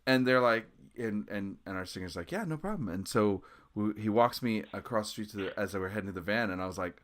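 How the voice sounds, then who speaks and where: A man's voice: fairly low pitch, fairly quick, a bit bright. A man, a musician guest, telling a story with lots of energy, acting out the people in it and breaking into shrieks and laughter. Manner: acts out quotes, jumps to shrieks and laughs. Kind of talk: animated storytelling.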